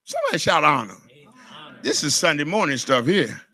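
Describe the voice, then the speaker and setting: A man's voice: on the high side, wildly swooping pitch, brisk, sharp tone. A middle-aged man preaching a sermon as a pastor, emotional and impassioned.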